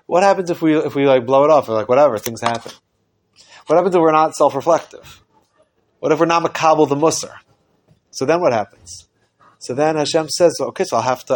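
A man teaching a Torah class, explaining a text with lively acted-out dialogue and many Hebrew terms. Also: mid-range voice. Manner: animated, acts out quoted dialogue.

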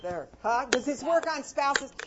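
A woman giving a live parenting workshop, lively and chatty, often dropping to a low, soft voice to demonstrate. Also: a little slow. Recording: muffled recording with background noise.

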